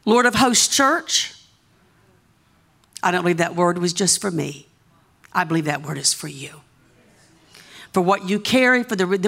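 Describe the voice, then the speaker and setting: A woman with a Southern US accent, a guest preacher delivering an impassioned sermon in a church, urging the congregation and building to shouts. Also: lowish voice. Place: church sanctuary.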